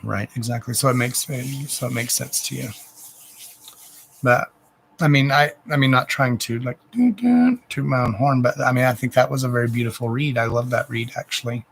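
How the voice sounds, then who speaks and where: A man giving an oracle card reading on a live stream, speaking gently and emotionally to the viewer with endearments and lots of repetition. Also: mid-range voice, level tone, brisk, gravelly, a little hiss or hum, low-quality recording. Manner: repetitive, emotional, self-interrupting.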